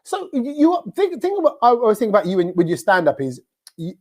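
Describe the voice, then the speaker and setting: Jokey podcast host. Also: male voice, high voice, fast. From Britain. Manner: lively, jokey interviewer. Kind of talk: casual chat. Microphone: video call.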